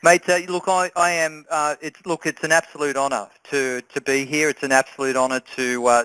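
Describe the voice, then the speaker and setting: A man's voice: mid-range voice, fairly bright tone, dry recording, rough recording. A man from Australia with an Australian accent, speaking as a guest and telling a personal story in an earnest, reflective way.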